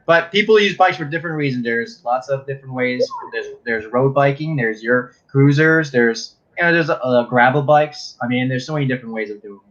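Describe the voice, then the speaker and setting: A man chatting casually as a guest on a livestream, relaxed and rambling, often trailing off. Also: mid-range voice, a little fast, few pauses, muffled recording. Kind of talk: casual chat.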